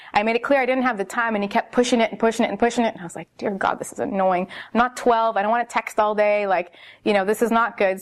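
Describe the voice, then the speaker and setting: A young woman vlogger telling a bad first date story in a casual, exasperated way, full of "like" and "seriously.". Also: a little high. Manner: exasperated, animated storyteller who repeats "like" and "seriously".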